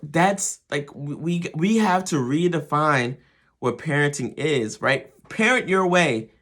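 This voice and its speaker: A man's voice: on the high side, animated, slow, fairly bright tone. A man hosting a show for fathers, talking through his advice casually and often checking in with "right?". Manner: conversational, repeats words and asks "right?" often. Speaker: host.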